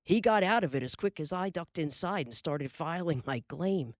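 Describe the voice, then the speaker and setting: Lady reading as a folksy frontier dad, low voice, swings up and down a lot. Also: lively intonation, moderate pace, no echo, clean studio sound, natural voice. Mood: lively. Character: hearty frontier father, middle-aged man.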